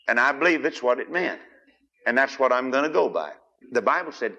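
A man preaching a sermon, emphatic and questioning his listeners, with big swings in loudness. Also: mid-range voice, lively intonation, normal speed. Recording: dull lo-fi archive recording.

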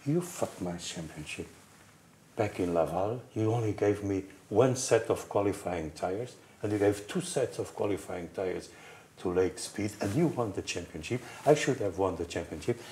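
A Portuguese-accented man putting on an angry racing champion as he retells a confrontation, with low, bitter reproach. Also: moderate pace, a little mellow, slight background noise, lightly acted. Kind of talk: anecdote impression.

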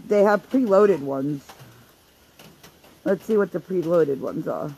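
A relaxed vlogger talks slowly while trying out face filters. The delivery is chatty and giggly, like someone struggling to keep a straight face. A faint background noise sits under the voice. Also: medium pitch, creaky, low-quality recording.

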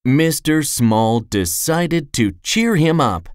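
A storyteller reading a children's storybook aloud in a slow, expressive way. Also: medium pitch, no echo, clean studio sound. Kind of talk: scripted storybook narration.

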